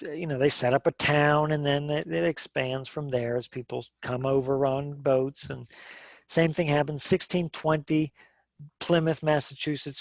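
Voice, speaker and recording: A man's voice: medium pitch, no echo. A male teacher giving a social studies lesson to a class in a conversational way, asking the class questions and often restarting his sentences.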